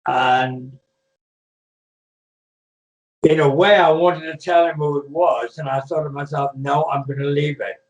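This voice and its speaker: Unhurried and pausing often, an older man from Britain speaks on the high side with fairly even intonation. The retired wrestler rambles through stories in a casual interview over video call, full of fillers and restarts, sitting far from the mic in an echoey room.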